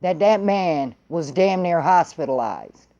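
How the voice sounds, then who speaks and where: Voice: mid-range voice, lively intonation, measured pace, warm tone, dull audio. A vlogger telling a story in a blunt, heated way and swearing freely. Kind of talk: casual profane storytelling.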